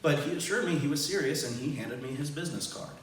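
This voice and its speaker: A man who is a teacher, telling a true personal story live on stage to an audience, animated and self-deprecating with frequent laughs. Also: a little high, fast, a little hiss or hum. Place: event venue with audience, large room. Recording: very echoey room, voice from far off.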